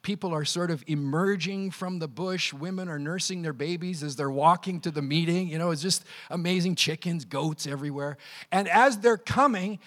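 A pastor preaching with animated storytelling, acting out every quote. His voice sits high for a man. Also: normal speed. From Canada. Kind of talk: sermon.

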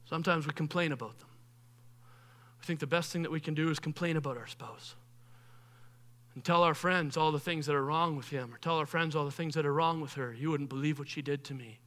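A pastor preaches a sermon animatedly in a brisk voice on the high side. He acts out the voices of people he quotes, rising to loud bursts and then dropping quiet.

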